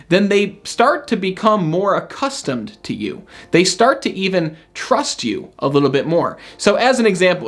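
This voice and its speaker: An upbeat male motivational speaker whose pitch swings widely as he teaches. His delivery is high-energy and chatty, and he keeps checking that the listener is following with a quick "right?". Soft music plays faintly behind him. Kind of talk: energetic self-help lesson.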